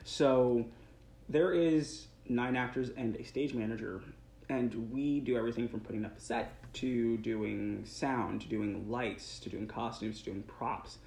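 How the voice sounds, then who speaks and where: This young man, a stage actor, has a mid-range voice that is steady, gravelly and darkish, with a measured pace. He chats earnestly in a casual interview, drifting a little with restarts and small laughs. The recording is roomy with faint background noise.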